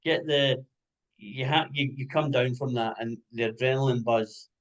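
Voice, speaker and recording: A man with a Scottish accent interviewing a band in a casual chat, telling animated stories with jokes and swearing. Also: medium pitch, moderate pace, muffled recording. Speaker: music interviewer.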